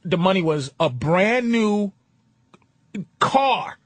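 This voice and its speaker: Animated man telling crude stories, dry sound. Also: high voice, slow, dry recording. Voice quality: animated, acts out quotes. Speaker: podcast co-host. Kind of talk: casual profane storytelling.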